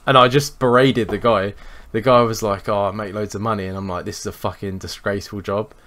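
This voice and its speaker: Young man, podcast co-host, animated, swearing a lot, casual. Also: lowish voice, fairly quick. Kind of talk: casual storytelling chat.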